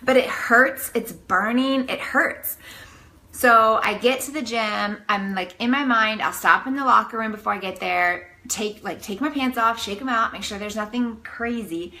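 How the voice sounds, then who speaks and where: A woman in her thirties, casually telling a vlog story to the camera, animated and breathless. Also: medium pitch, moderate pace, few pauses. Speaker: vlogger.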